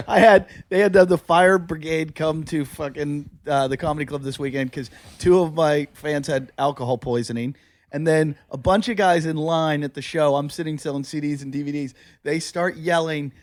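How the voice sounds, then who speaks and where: Podcast host comedian, slightly high voice, animated storyteller. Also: male voice, normal speed. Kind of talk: casual chat, storytelling.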